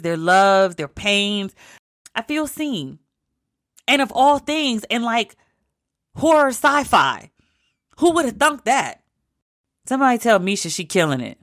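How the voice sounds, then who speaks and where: A woman in her forties hosting her podcast alone, telling stories in an animated, emphatic way with lots of repetition. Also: mid-range voice, clean tone, dry recording, studio quality. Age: 40s. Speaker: podcast host. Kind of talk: casual solo podcast talk.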